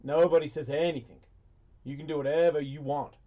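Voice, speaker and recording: A man's voice: a little high, fairly even intonation, brisk, muffled recording. A man hosting a radio talk show, rambling and swearing through crude banter. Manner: profane, rambling, loud bursts of laughter.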